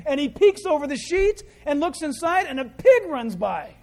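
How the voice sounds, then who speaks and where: Animated male preacher, big swings. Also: extremely high pitch, normal speed, hardly any pauses. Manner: animated, storytelling, swings from loud to quiet. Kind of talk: sermon.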